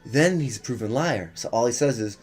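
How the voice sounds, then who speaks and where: A man's voice: mid-range voice, animated, fairly quick, husky, soft background music. A young man hosting a reaction video, commenting sarcastically and swearing as he mocks what he watches. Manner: sarcastic, swearing, laughing often.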